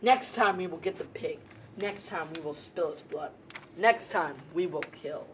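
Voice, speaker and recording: A woman's voice: fairly low pitch, measured pace, recorded from a distance, a little hiss or hum, natural voice, rough recording. A young woman playing a bossy boy hunter who leads the others, in an amateur school drama reading. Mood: grim. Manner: commanding, boastful.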